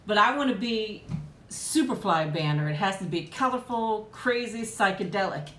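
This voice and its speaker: A woman's voice: medium pitch, expressive, moderate pace, a bit bright, slight background noise. A middle-aged woman hosting a casual live stream, chatting loosely and reading viewer comments aloud, her voice leaping up whenever she greets someone. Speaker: host of a live eating stream. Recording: roomy echo.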